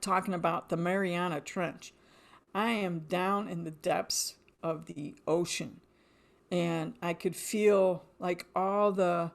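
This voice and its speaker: Middle-aged lady chatting about a spiritual session, animated, acts out the voices, laughs a lot. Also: medium pitch, creaky. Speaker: guest. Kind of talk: casual storytelling of a spiritual experience.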